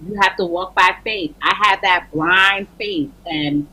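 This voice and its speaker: A woman author guest on a morning TV show, telling faith stories in a lively way and acting out her talks with God. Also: fairly low pitch, unhurried, slightly rough, poor audio. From Barbados. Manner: lively storytelling, acts out dialogues with God, exclamations. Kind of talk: animated faith talk on morning TV. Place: TV studio.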